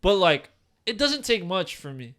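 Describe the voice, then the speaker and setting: A man in his twenties co-hosting a casual podcast, rambling with lots of fillers and animated tangents. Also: high-pitched, measured pace. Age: 20s. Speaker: podcast co-host.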